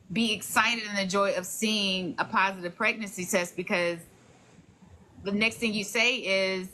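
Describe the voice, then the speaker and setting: Bright-voiced woman host, empathetic. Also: mid-range voice, a little hiss or hum, low-quality recording. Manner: empathetic, reflective. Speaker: podcast host. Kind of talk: casual interview chat.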